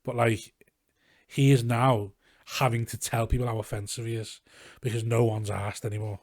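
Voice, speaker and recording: A young Scouse man, a comedian, chatting casually in a podcast, rambling and animated as he tells stories and swears freely. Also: mid-range voice, normal speed, no room sound, clean studio sound. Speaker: comedian guest. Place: garage.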